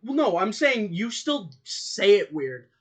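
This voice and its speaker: A man's voice: sits high, sing-song, a little slow, breathy edge. A man co-hosting a casual podcast, teasing his friend playfully. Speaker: podcast co-host. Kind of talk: casual chat.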